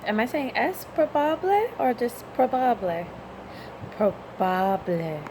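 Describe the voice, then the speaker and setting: A woman with a voice a bit above average pitch talks casually as she learns. She repeats each phrase after her teacher and trips over words, correcting herself as she goes. A faint hiss of noise sits under her voice. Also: sing-song, normal speed. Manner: chatty, self-correcting, repeats phrases aloud. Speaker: vlogger learning Spanish. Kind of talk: casual vlog, repeating after a recorded lesson.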